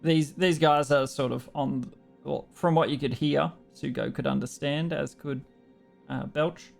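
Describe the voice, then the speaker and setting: A man's voice: on the high side, steady tone, a little slow, gravelly, soft background music. An Australian man narrating as game master in a casual, rambling tabletop session, laughing often.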